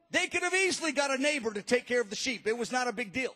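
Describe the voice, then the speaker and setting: A man preaching a sermon, telling the story in an animated, emphatic way. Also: extremely high pitch, quick pace, hardly any pauses. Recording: long reverb of a large hall.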